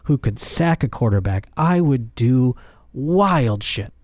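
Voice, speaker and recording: Man, podcast host, crude comedic rant, animated, mid pitch, dry sound. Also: slow, dry recording. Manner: animated, crude, jokey, voice jumps high when worked up.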